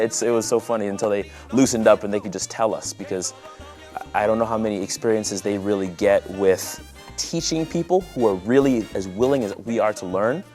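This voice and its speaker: A male musician in a documentary interview, talking in a relaxed way and laughing easily. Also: on the low side, fairly quick, faint music behind.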